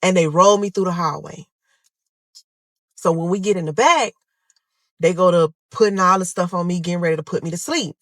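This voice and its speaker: A woman's voice: fairly low pitch, a little fast, long pauses, no room sound. A young woman telling an emotional true story to viewers, acting out her own pleas and cries as she talks. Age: young adult. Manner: dramatic, addresses listeners as y'all, acts out her own pleas loudly.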